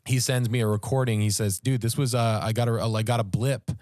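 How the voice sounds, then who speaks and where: A man, a podcast co-host, telling a story in casual, animated talk and raising his voice at the tense moments. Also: medium pitch, a little fast, no echo, studio quality. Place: podcast studio.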